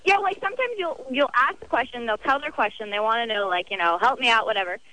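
A woman's voice: on the high side, sharp tone, dry recording. A young woman calling in to a radio show, chatty and frank, heard over a phone line. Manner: chatty, frank, quick-talking. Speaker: caller. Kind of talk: call-in radio chat.

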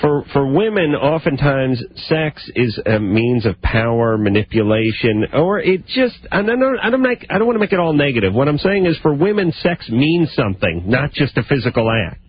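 A man's voice: medium pitch, very animated, normal speed, few pauses, breathy edge. A man hosting a call-in radio show, blunt, teasing and crude in casual banter. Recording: muffled radio broadcast audio.

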